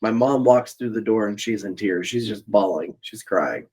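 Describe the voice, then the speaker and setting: A man's voice: on the low side, moderate pace, darkish tone, slightly rough. A man co-hosting a podcast over a remote call, telling a family story in casual chat and laughing often. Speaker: podcast co-host. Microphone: remote call mic.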